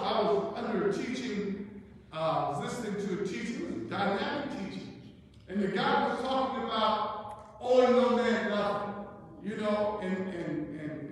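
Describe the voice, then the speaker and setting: Man preacher, very high voice, slow delivery, echoey church hall heard from afar. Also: fairly bright tone, far from the mic. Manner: asks Amen? again and again, repeats words as he goes. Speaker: bishop and preacher. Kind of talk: Bible study teaching.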